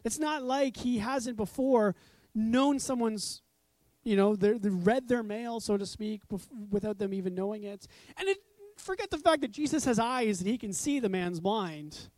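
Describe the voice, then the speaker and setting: A woman's voice: on the high side, expressive, normal speed, darkish tone, no room sound. A woman preaching a conversational sermon, telling stories with animation and acting out voices. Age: adult parent.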